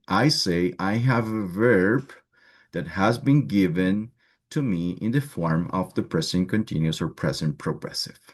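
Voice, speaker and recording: A man with a Spanish accent teaching an English grammar class, explaining step by step and often checking in with "right?". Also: low-pitched. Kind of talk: online class lecture.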